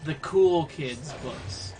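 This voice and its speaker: A man chatting casually with friends on a stream, rambling and halting, teasing and joking. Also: fairly high pitch, darkish tone, low-quality recording. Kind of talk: casual chat among friends.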